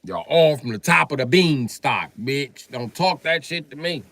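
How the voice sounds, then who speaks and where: Profane, confrontational man with a bright voice. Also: mid-range voice, animated, measured pace, dry recording. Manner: profane, confrontational, heavy swearing. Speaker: livestreamer. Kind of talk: livestream rant to viewers.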